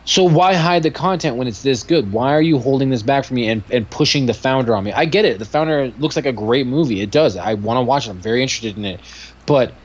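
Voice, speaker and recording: A man co-hosting a casual podcast, ranting excitedly and getting louder when worked up. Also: mid-range voice, fast talker. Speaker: podcast co-host. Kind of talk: casual chat. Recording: dull lo-fi podcast audio.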